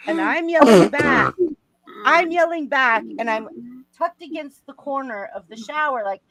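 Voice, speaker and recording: Woman co-host, a bit high-pitched, dry close mic, animated storyteller who acts out the voices. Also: normal speed, no room sound. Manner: animated, acts out voices, shrieks and laughs while telling stories. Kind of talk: casual storytelling on a livestream.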